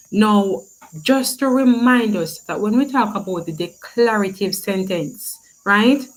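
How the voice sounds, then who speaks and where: A woman teaches a class at an unhurried pace, pausing to ask questions and cheer answers on. Her tone stays encouraging throughout. Faint insect chirps sound behind her voice. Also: a little high, low-quality recording. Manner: slow, encouraging, asks questions and praises. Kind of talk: classroom lesson.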